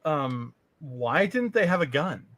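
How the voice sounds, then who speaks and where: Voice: medium pitch, sing-song, slow pace, fairly bright tone, no room sound. A podcast co-host from Canada chatting casually, telling profane stories and laughing often. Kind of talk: casual chat.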